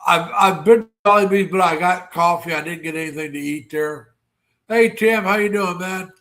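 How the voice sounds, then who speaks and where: A man's voice: high-pitched, normal speed, a bit bright. A man hosting a casual livestream, rambling and greeting viewers by name with lots of fillers and restarts. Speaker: livestream host.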